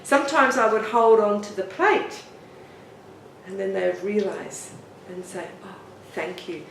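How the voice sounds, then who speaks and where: A middle-aged woman, a parenting author and teacher, giving parenting tips in a gentle, encouraging way. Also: medium pitch, unhurried, creaky, far from the mic, slight background noise. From Australia. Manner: gentle, encouraging, expressive storytelling. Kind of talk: talking-head parenting tips. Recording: roomy room, mic set back, faint ambience.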